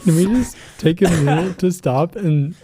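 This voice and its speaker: A man's voice: on the high side, normal speed, music in the background. A man co-hosting a podcast, chatting casually and teasing his co-hosts. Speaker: podcast co-host. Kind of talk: casual chat.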